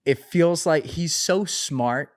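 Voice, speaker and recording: A man in his twenties, a podcast guest, telling a story in a casual, animated way, full of swearing and fillers. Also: fairly high pitch, slow pace, no echo, studio quality. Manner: animated, profane, filler-heavy.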